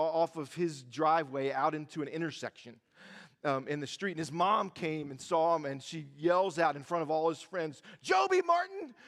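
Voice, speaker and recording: A male pastor preaching a sermon in a church, lively and joking, repeating phrases for emphasis. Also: fairly high pitch. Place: large church auditorium. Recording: reverberant church hall.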